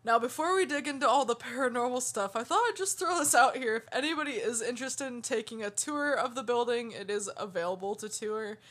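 A woman co-hosting a paranormal podcast chats casually, reading details from her notes aloud and laughing often. Her voice is on the high side and fairly bright, fairly quick with few pauses.

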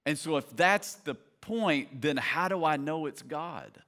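A man's voice: on the high side, animated, a little slow, a bit bright. A man in his thirties preaching a sermon as a pastor, conversational and building to passionate emphasis.

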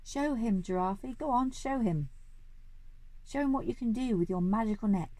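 A cheeky, eager monkey who sings out in a raised, bouncy voice, as a woman reading a storybook puts him on. Underneath it the voice stays husky and gravelly. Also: lowish voice, quick pace, a little mellow, dry recording. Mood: excited. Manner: eager, sing-song. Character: cheeky, lively male monkey.

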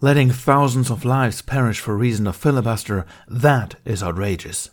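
A man's voice: medium pitch, a little fast, voice pushed up, close to an everyday voice. A man reading a fan fiction audiobook, voicing a stern, formal male Jedi master with cold, contemptuous authority.

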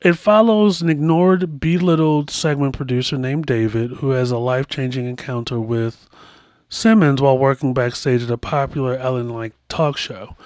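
A man's voice: medium pitch, a little mellow, no room sound, studio quality. A man hosting a podcast, chatting casually and rambling through asides as he comments. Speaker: podcast host.

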